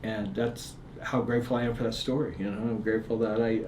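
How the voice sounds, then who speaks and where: A man's voice: lowish voice, quick pace. A man telling a personal story as a guest in a casual interview, acting out the quotes as he goes. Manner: animated storyteller, acts out quotes. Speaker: guest author. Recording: roomy with faint noise.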